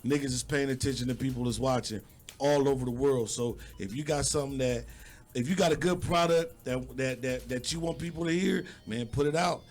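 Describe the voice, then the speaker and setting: A man's voice: mid-range voice, fairly quick, a little mellow. Blunt, profane man co-hosting. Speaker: radio show co-host. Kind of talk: casual banter.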